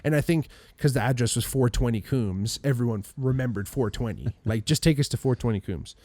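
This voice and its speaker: A man telling a story in casual chat, animated, acting out quotes, swearing and laughing often. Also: medium pitch, brisk, no echo. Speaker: podcast guest.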